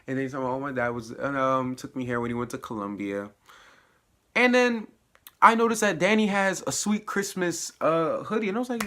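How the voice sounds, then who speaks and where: At home, a man gives a casual, spoiler-filled spoken recap of a TV episode, talking slangily and animatedly at normal speed. He drops to low mutters, jumps to high exclamations, and laughs often.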